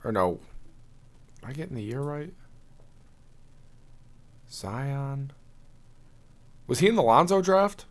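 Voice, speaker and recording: A man's voice: medium pitch, big pitch swings, slow, long pauses. A man co-hosting a podcast in casual chat, bantering and laughing at his own jokes. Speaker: podcast co-host.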